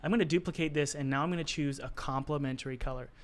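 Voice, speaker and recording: A man with a hoarse, worn voice, teaching art on a casual live stream, chatty and encouraging as he answers the chat while he works. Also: fairly high pitch, fast talker. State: hoarse, losing his voice.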